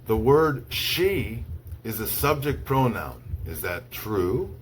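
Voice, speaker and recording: A man from the United States teaches English in a slow, unhurried voice, sounding out each word clearly. His voice sits fairly low, with faint noise behind him. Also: big pitch swings. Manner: slow, deliberate, repeats words one by one for dictation. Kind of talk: slow, clearly spoken ESL lesson.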